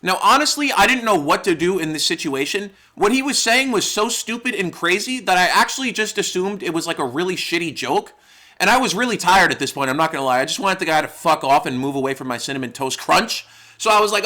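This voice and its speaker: Bright-voiced young man telling a story. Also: sits high, expressive, quick pace. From New York. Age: young adult. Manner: profane, exaggerated, rambling comic storytelling. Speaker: YouTuber. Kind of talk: comedic storytime narration.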